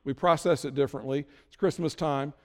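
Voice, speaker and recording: A man's voice: on the high side, fairly even intonation, fairly quick. A man preaching a sermon to his congregation, talking in an easy conversational way and acting out people's worried thoughts. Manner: conversational, acts out worried inner voices. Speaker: pastor. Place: large church hall. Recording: long hall reverb.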